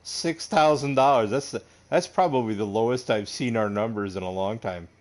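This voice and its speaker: A man's voice: medium pitch, moderate pace. A man from upstate New York hosting a casual gaming livestream, joking with his friends and greeting viewers. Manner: joking, laughing, talks to viewers. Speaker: livestream host.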